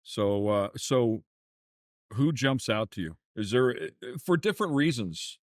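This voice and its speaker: A man's voice: medium pitch, lively intonation, unhurried, no room sound, studio quality. A man co-hosting a casual interview, asking questions loosely and filling the gaps with "uh" and "so". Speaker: show co-host.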